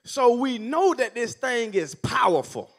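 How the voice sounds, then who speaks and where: A man preaching with a high, very animated voice that climbs and falls dramatically. He calls for responses from the congregation and builds his delivery in waves. The tone is that of a pulpit. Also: measured pace. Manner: call-and-response preaching, rising to near shouting. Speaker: minister. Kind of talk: sermon.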